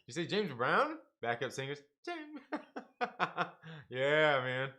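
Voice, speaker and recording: A man's voice: fairly high pitch, wildly swooping pitch, slow, bright, forceful tone. A man hosting a comics livestream, chatting casually with viewers, laughing often and calling people man and bro. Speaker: comics review livestream host.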